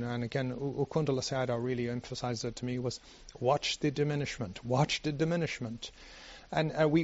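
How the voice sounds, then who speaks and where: A man giving a meditation teacher's dharma talk, halting often with restarts and "you know". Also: medium pitch, a little mellow, no echo, muffled recording.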